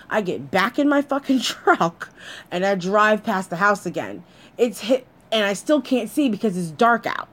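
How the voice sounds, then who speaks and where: A young adult woman telling a personal story with lots of swearing, addressing her listeners directly. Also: mid-range voice.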